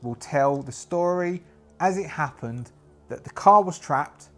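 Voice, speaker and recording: A man's voice: fairly high pitch, expressive, a little slow. A man narrating a solo tabletop role-playing game, thinking aloud in a rambling way with many restarts.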